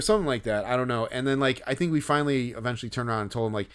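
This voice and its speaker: A man's voice: medium pitch, very fast, smooth. A man co-hosting a podcast, telling a story in casual chat, rambling and hesitant with many fillers and restarts. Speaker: podcast co-host.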